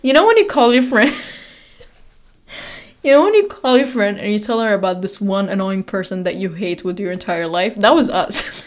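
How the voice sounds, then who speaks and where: A woman's voice: medium pitch, moderate pace. Chatty young woman podcaster. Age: 20s. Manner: chatty, laughing, rambling with fillers. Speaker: podcast host. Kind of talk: casual chat.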